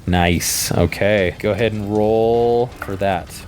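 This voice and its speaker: A man's voice: on the low side, slow pace, a little mellow, slight background noise. A man running a tabletop game as game master, narrating loosely with lots of fillers and laughs.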